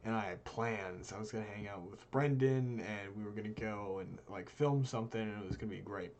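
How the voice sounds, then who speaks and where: A young man co-hosting a live stream tells a personal story casually, speaking briskly with few pauses; the highs in the audio are cut off. He's animated, acting out his friends' lines with big jumps in pitch.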